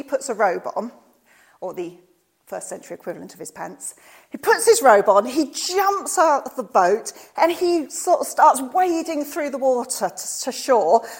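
With a voice that sits high, a woman preaches, bringing the story to life and voicing each of its characters.

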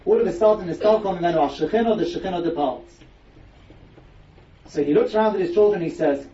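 Man, Torah lecture, high mellow voice, distant echoey dull recording. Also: moderate pace, long pauses. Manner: explains with emphatic rhetorical questions. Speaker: rabbi giving a Torah class.

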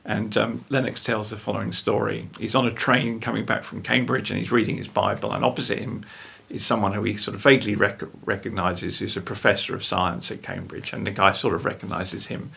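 An older man, talking earnestly about faith as a guest, with a gravelly, husky voice and tag questions. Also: on the low side, flat delivery, brisk, few pauses, fairly bright tone. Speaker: guest speaker.

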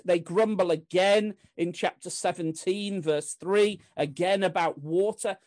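A woman's voice: mid-range voice, a little slow, hardly any pauses, darkish tone. A woman preaching a Bible sermon in a conversational, earnest way, asking rhetorical questions and often restarting her sentences.

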